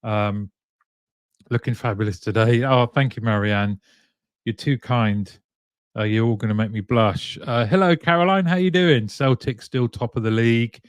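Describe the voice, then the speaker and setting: A man's voice: medium pitch, moderate pace, clean tone, no echo, clean studio sound. A man hosting a live stream, chatting casually and greeting viewers one by one by name, with plenty of ums. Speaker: live show host.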